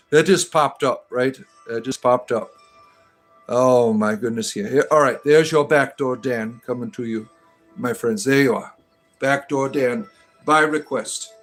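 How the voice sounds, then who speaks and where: A man's voice: medium pitch, a little slow, faint music behind. A man hosting a casual livestream as a satirical spiritual entertainer, reading chat comments aloud with joking asides and filler ums. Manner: rambling, joking, reads viewer names aloud with filler ums.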